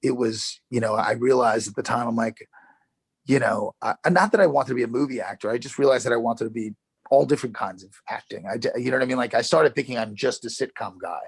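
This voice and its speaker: A middle-aged actor with a New York accent, telling stories in a casual interview, animated, with frequent swearing and restarts. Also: male voice, medium pitch, quick pace, vocal fry, husky, no echo. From Yonkers, New York. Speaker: actor guest.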